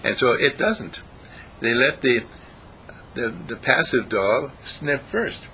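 A man giving an informal spiritual talk, animated and acting out voices as he goes. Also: mid-range voice, takes it slowly, a little hiss or hum, low-quality recording. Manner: animated, acts out voices, chuckles often.

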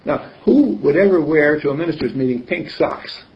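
A man's voice: on the high side, lively intonation, normal speed. A man leading a group meeting who talks in a casual, teasing way and laughs often. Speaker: meeting leader. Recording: slightly dull with faint noise.

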